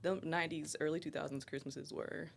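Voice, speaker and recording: A woman's voice: sits low, steady tone, fairly quick, vocal fry. A woman in her thirties with an Ohio accent, chatting casually as a podcast guest and laughing often. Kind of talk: casual chat.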